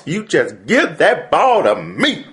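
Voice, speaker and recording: A man playing a nervous, overemotional basketball player recording a dating video in a comedy sketch, halting with lots of ums. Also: low-pitched, fairly even intonation, gravelly, exaggerated voice. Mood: wailing. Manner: halting, full of ums, breaking into tearful wailing.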